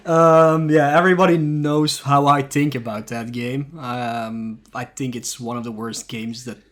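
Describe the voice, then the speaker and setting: A man co-hosting a casual podcast, speaking in a dry, unhurried way and chuckling often. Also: medium pitch, steady tone. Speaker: podcast co-host. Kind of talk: casual chat.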